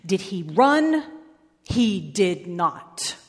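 Slow-reading woman storyteller. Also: fairly low pitch, slightly rough, in a large hall. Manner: measured, expressive read-aloud. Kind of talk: reading a rhyming storybook aloud.

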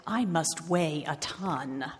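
A woman's voice: low-pitched, takes it slowly, breathy edge, in a large hall, heavily acted. A woman voicing a big, kind, faithful male elephant who speaks steadily and earnestly. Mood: grumbling.

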